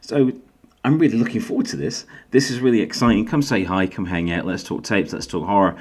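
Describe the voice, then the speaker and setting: A middle-aged man with a faded Yorkshire accent hosts his own video channel in a loose, chatty way. He pokes fun at himself now and then, and his low voice jumps up sharply in pitch when he gets excited. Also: fairly quick. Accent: faded Yorkshire English. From Yorkshire, England. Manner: chatty, self-deprecating, lively pitch jumps. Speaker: YouTube host and author. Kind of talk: casual solo vlog.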